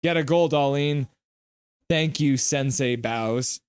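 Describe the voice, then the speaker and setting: A man with a voice pitched right in the middle of the male range, talking casually through a live hockey stream. He calls the action in short, clipped phrases and drops loose asides between the plays. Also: clear, resonant tone, no echo. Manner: quick clipped play calls mixed with offhand chat remarks. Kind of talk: casual live play-by-play commentary.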